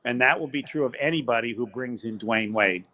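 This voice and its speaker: Older play-by-play guy, bright sharp voice, acts out everybody in his stories. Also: mid-range voice, brisk. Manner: animated storyteller, acts out quoted voices. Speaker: guest, college basketball play-by-play announcer. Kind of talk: storytelling in a podcast interview.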